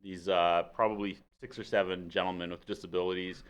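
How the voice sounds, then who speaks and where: A man with a Canadian accent and a fairly low voice chats on a local podcast. He tells stories in an easy way and slips into the voices of the people he quotes. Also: fairly quick, clear, resonant tone. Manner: animated storyteller, acts out quotes. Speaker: podcast host. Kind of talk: casual chat.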